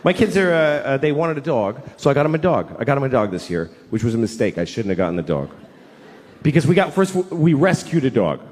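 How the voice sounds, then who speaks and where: A man in his forties performing a stand-up routine, mixing deadpan storytelling with sudden shouted outbursts. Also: medium pitch, fast. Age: 40s. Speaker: stand-up comedian. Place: theater stage. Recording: reverberant hall with faint noise. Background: audience laughter.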